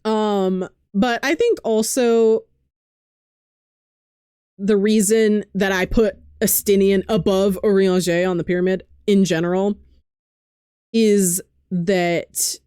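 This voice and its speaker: A woman vlogger in casual chat about her favorite game characters, talking in a loose, rambling way with lots of "um" fillers and quick laughs. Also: medium pitch, steady tone, mellow, clean tone, no echo, studio quality. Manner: chatty, frequent "um" fillers, light laughing asides. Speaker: vlogger and streamer.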